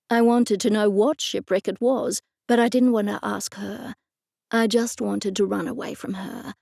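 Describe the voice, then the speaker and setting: A woman narrating a cozy mystery audiobook in the first person, measured and even. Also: mid-range voice, creaky, no echo, studio quality.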